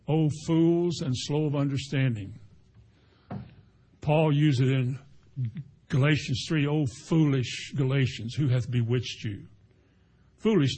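A pastor with a mid-range voice and a breathy edge gives a conversational sermon. He tells homely, folksy stories with plenty of animation and playful sound effects.

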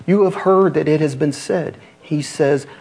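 A man preaching a sermon, reading scripture aloud in a lower, slower voice and lifting his pitch to drive points home. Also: creaky, darkish tone. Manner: reads scripture low and slow, then rises to press points.

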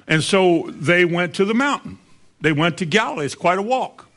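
A man's voice: on the high side, big pitch swings, moderate pace, fairly bright tone. A man preaching a sermon as a pastor, telling the story in a folksy, conversational way.

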